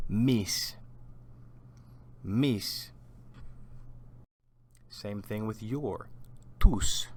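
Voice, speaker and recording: A man's voice: on the low side, a little hiss or hum. A man teaching Spanish vocabulary in a scripted lesson, patiently repeating each word for learners to echo. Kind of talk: slow scripted language lesson.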